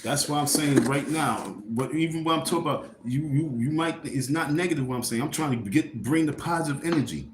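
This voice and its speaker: A man's voice: fairly high pitch, fairly quick, hardly any pauses. A man on a casual livestream, tired and irritated, rambling and repeating himself as he talks to his viewers. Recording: roomy with faint background noise.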